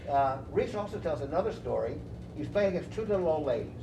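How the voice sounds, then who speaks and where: An older man who founded a bridge club, retelling card-table anecdotes in relaxed casual chat. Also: fairly high pitch, fast, lo-fi sound. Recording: echoey room heard from far off with noise.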